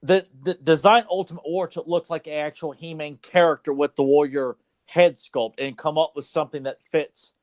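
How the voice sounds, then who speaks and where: A man's voice: on the high side, fairly even intonation, normal speed, hardly any pauses. A man co-hosting a casual podcast, blunt and grumbling, who swears freely. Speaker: podcast co-host.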